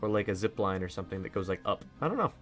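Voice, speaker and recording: Chatty man with a low voice. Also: big pitch swings, rapid-fire, music in the background. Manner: rambling, chatty, many fillers. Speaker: let's play host. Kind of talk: casual gameplay commentary.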